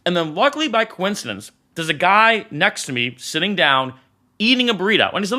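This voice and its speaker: A man's voice: a little high, quick pace. A young man telling a story in a casual vlog, acting out the dialogue as he goes. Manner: animated, acts out the dialogue. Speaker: vlogger.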